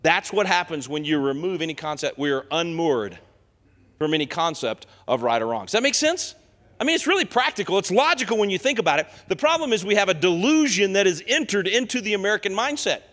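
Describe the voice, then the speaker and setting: Fiery high-voiced male preacher, echoing hall. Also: sing-song, brisk. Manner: impassioned, swings from soft asides to loud declarations. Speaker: guest speaker. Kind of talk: fiery sermon. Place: church sanctuary.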